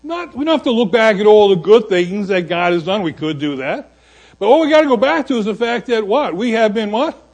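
A man preaching a sermon to his church, moving between loud emphatic lines and quiet asides. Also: high-pitched, a little fast, low-quality recording. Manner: animated preaching with sudden drops to quiet asides. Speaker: pastor.

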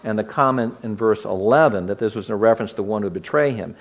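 A man's voice: fairly low pitch, fast talker. A man preaching an expository sermon, teaching verse by verse and asking the listeners rhetorical questions.

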